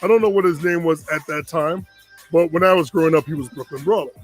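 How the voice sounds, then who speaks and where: A man's voice: fairly high pitch, fast, faint music behind. A man in his forties from Connecticut telling a long story casually, acting out the other people's lines. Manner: animated, acts out quoted voices.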